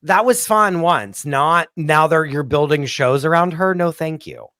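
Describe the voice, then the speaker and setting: A man's voice: on the high side, measured pace, sharp tone, no echo, clean studio sound. A man guesting on a podcast in casual chat, speaking emphatically and dramatically and saying "like" constantly. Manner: emphatic and dramatic, heavy use of "like".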